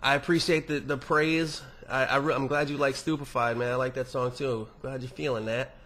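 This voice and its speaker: A man's voice: mid-range voice, steady tone, normal speed, fairly bright tone. A young man hosting a podcast, reading listener emails aloud and answering them in a rambling, profane, casual monologue with many restarts.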